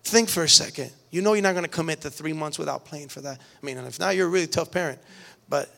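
A man's voice: fairly high pitch, fast, gravelly, a bit bright. A middle-aged man preaching a sermon to a church, earnest and emphatic, often restarting phrases. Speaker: pastor.

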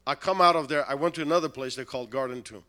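A man preaching a storytelling sermon, animated, with broken-English phrasing and frequent chuckles. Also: medium pitch, very fast.

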